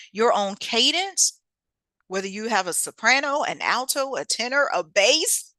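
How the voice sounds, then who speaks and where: Lively, bright-voiced woman giving motivational talk. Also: a little high, unhurried, no echo. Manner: lively and preachy, with colloquial speech and laughs. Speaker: host. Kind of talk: motivational self-help talk.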